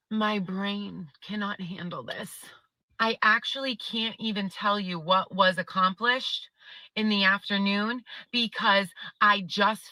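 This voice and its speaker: Fed up woman ranting about court, sarcastic and sweary, bright voice, dry sound. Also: mid-range voice, no room sound, low-quality recording. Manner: exasperated, sarcastic, profane. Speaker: social media commentator. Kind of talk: ranting trial commentary.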